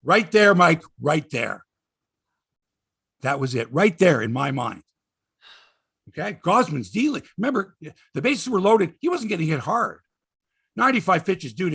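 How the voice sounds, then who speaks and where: Exasperated ranting man, gravelly and lively. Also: moderate pace. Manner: exasperated, emphatic, swings from loud outbursts to low mutters; swears for emphasis. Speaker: sports podcast host. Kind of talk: ranting sports commentary monologue.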